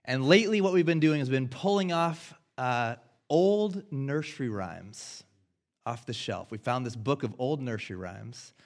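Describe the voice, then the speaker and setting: An American man in his thirties preaching a sermon, earnest and self-deprecating, swinging between loud and hushed. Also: mid-range voice, animated, unhurried. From United States. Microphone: headset.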